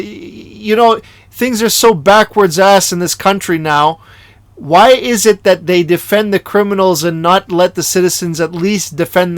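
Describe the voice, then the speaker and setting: A man's voice: high-pitched, clean tone, no room sound. A man giving indignant opinion commentary over a video he is playing, emphatic and prone to repeating words. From Canada.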